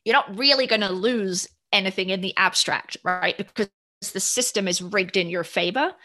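A woman's voice: medium pitch, normal speed, pushed and bright. A woman speaking earnestly in a reflective podcast conversation, often checking in with "right?".

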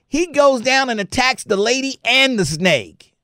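A man hosting a talk radio show, telling stories in a lively, chatty way and laughing often. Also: extremely high pitch, measured pace, no room sound, clean studio sound. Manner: animated storyteller, laughs often. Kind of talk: casual talk radio chat.

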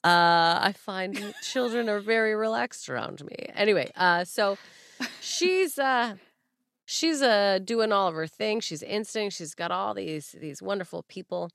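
A woman's voice: medium pitch, unhurried, vocal fry, dry recording, studio quality. A woman hosting a podcast, chatting casually and telling stories with playful put-on voices. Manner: animated, jokey storytelling with playful voices. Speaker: podcast host. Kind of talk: casual chat.

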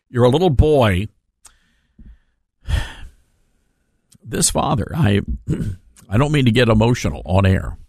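A man hosting a talk radio show in a sarcastic, mocking monologue, with halting fillers and chuckles. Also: mid-range voice, vocal fry, no echo, clean studio sound.

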